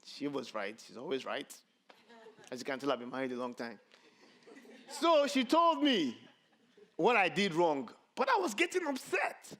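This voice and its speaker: A middle-aged man, a pastor preaching a sermon with animated, self-mocking humor and a habit of saying "you see". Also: fairly high pitch, normal speed, long pauses. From Nigeria.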